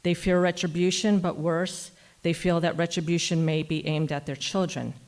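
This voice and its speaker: A woman advocate reading a prepared public comment to a school board in a measured, pointed, formal way. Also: lowish voice, level tone, a little mellow. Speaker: parental rights advocate.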